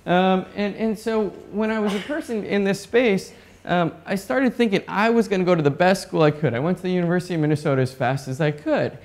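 A young man from North Dakota giving a lively, jokey conference keynote and asking the audience questions. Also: high voice, a little fast, a little hiss or hum. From North Dakota, USA. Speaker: keynote speaker. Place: conference hall.

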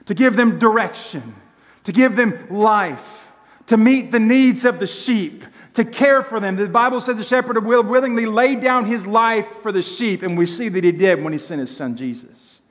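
A man preaching a sermon in a church sanctuary, his voice pitched high for a man. He leans hard on key phrases, slows down to draw them out, and keeps asking the congregation questions. The sound carries a long church-hall reverb. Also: lively intonation. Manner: emphatic preaching with slow drawn-out lines; asks the congregation rhetorical questions. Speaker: pastor.

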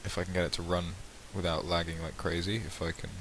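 Deep-voiced young man from the Midlands. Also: level tone, fast talker, fairly bright tone, slight background noise, poor audio. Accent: English Midlands. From English Midlands. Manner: rambling, self-mocking, hesitant with many ums. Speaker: let's play channel host. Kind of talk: casual self-deprecating vlog intro.

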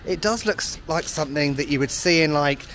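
A travel vlogger walks along a street in a spa town, talking casually, chatty, self-mocking and enthusiastic. His voice is a little high with a fairly bright tone, slightly fast, with slight background noise.

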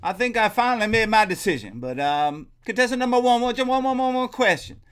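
A man's voice: very high voice, very animated, fairly quick, fairly bright tone, clean tone, heavily acted. A man playing a teasing game-show bachelor. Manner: playful, teasing host-like delivery. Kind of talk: comedy sketch.

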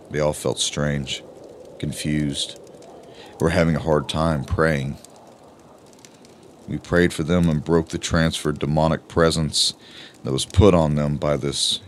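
A man giving a slow, measured first-person audiobook narration. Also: extremely low pitch, a little hiss or hum.

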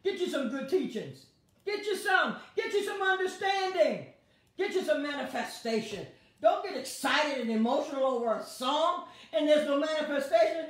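A woman pastor teaches an online Bible study in exuberant call-and-response. Her high voice swoops widely and she laughs often. The sound is very echoey and picked up from across the room. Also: expressive, moderate pace. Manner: exuberant, laughing, calls out congregants by name. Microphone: device streaming to viewers online. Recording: very echoey, heard from a distance.

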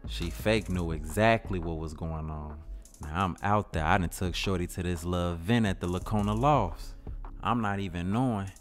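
A man's voice: deep voice, normal speed, soft background music. A man with a Chicago accent telling a comedic story in slang, jumping into voices. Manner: slangy, animated, switching into voices. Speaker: comedy skit narrator.

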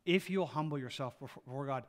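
A male pastor preaching a sermon with lively delivery, acting out little scenes of people praying and God answering. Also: medium pitch, normal speed. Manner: animated preaching, acts out voices of people praying.

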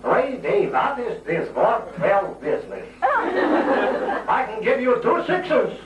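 A pushy, haggling ship engineer with a New York accent, as a man puts him on. The voice is pitched high and brash. It is heard in a roomy hall over audience noise. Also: huge pitch swings, slow pace, lo-fi sound, over a noisy crowd, exaggerated voice. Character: haggling wise-guy male ship engineer. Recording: echoey hall, distant mic, audience noise.

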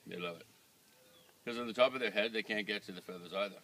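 A man's voice: lowish voice, fast talker, pushed and bright. A man at an outdoor ranch, chatting casually and coaxing animals in baby talk. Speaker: vlogger at a ranch. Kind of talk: casual chat while feeding animals. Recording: noisy outdoor recording.

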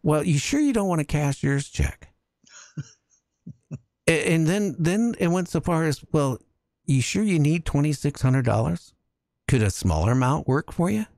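A man hosting a casual talk radio show, telling jokey stories with lively energy. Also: a little high, a little slow, pauses often, no room sound, studio quality. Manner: animated storytelling, jokey.

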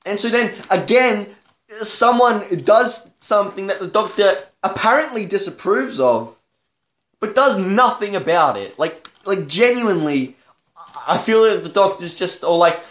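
A man's voice: sits high, expressive, fairly bright tone. Exasperated young man ranting in an echoey room. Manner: profane, exasperated, halting with restarts. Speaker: vlogger. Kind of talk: ranting TV review.

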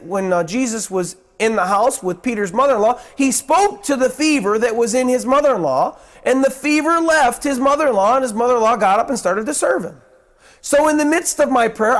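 A male pastor preaching a sermon, telling a story and acting out the voices in it, then dropping low and soft to appeal to the listeners.

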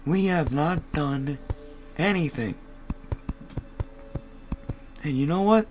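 A young man giving rambling comic gameplay commentary, goofy and full of random tangents with deadpan asides. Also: fairly high pitch, takes it slowly, faint music behind, rough recording. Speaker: gaming video creator.

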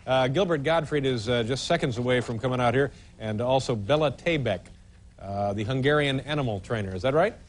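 A man's voice: medium pitch, brisk, a little hiss or hum. A man hosting a talk show, bantering and giving introductions in a dry, teasing way.

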